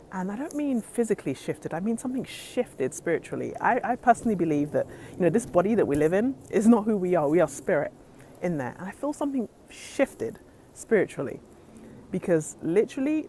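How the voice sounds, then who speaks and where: There's slight background noise as this woman, her voice low and mellow, films herself on a handheld phone. Her inspirational message is sincere and rooted in faith, peppered with frequent uses of "literally."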